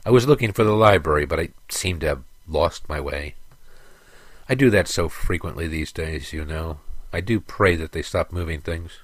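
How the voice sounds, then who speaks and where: A man's voice: very deep voice, normal speed, dry recording. A man voicing a slightly senile old male monk, speaking hesitantly and forgetfully. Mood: doddering.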